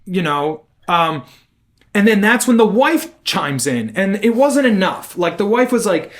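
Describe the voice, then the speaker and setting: A young man co-hosting a podcast, telling a story in casual chat, animated and swearing as he acts out what people said. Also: high voice, measured pace. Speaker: podcast co-host.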